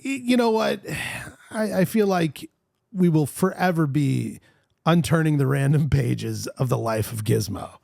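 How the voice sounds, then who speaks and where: An excitable man hosting a podcast, talking in a high, bouncy voice that swings widely in pitch. His tone has a gravelly edge, and the sound is close and dry. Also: unhurried, dry recording. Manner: animated, excitable, says dude a lot. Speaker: podcast host. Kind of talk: casual chat.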